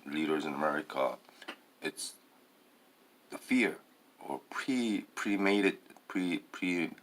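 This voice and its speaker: Man, extremely low voice, hesitant rambling monologue, many fillers and tag questions. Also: a bit bright, a little hiss or hum.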